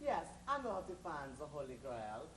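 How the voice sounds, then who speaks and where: In amateur stage comedy, a woman plays a fickle fake-French informant in a hammy, theatrical way, slipping between a put-on French accent and a put-on German one. Her lively, swooping voice is low-pitched and at normal speed. The sound is roomy and far from the mic, with steady noise underneath.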